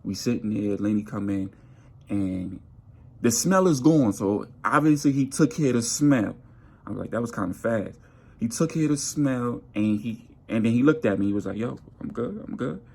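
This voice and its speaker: A man telling a workplace story in a casual monologue, animated, acting out his coworkers' lines. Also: normal speed, vocal fry. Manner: animated, acts out coworkers' lines with jumps in pitch.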